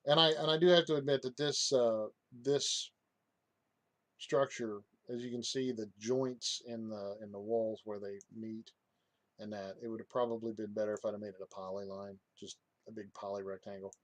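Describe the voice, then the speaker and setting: A man giving a casual software walkthrough, hesitant, with many fillers and restarts. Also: on the low side, fairly even intonation, moderate pace, no room sound. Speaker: software reviewer. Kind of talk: casual screen-recorded tutorial.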